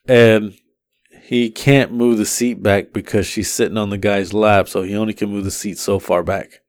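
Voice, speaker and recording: A man's voice: on the low side, darkish tone, dry recording, clean studio sound. A man, casually telling a rideshare story as a podcast co-host, acting out his passengers' lines in raised voices.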